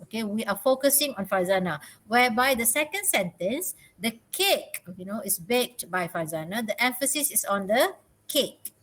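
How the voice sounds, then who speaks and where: A woman's voice: a little high, animated, normal speed, a bit bright. A woman teaching grammar in an online class, encouraging and peppering her speech with "okay". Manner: encouraging, frequent "okay" and laughs. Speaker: English teacher.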